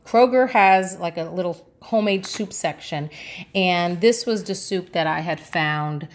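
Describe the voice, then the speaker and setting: A woman's voice: fairly low pitch, a little slow. A woman from New York City, a vlogger chatting casually through a grocery haul, rambling along with lots of ums and uhs.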